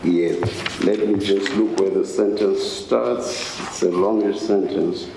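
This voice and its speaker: A man questioning counsel from the bench in a courtroom, deliberately reading out quoted phrases and stressing them. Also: low-pitched, fairly even intonation, vocal fry, darkish tone. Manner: slow, deliberate, reads quoted phrases with emphasis. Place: large courtroom. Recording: echoey court hall, faint hiss.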